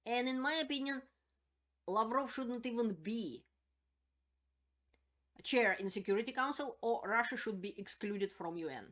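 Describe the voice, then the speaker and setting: A woman's voice: on the high side, normal speed, pauses often, a bit bright. A woman hosting her own channel, giving spoken political commentary in an indignant, emphatic way and repeating her points.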